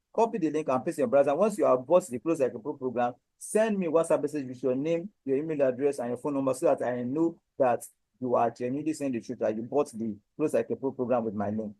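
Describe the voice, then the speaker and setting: A man with a Nigerian accent giving a repetitive, emphatic sales pitch for his coaching program. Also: darkish tone, no echo, poor audio. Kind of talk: direct-to-camera sales pitch.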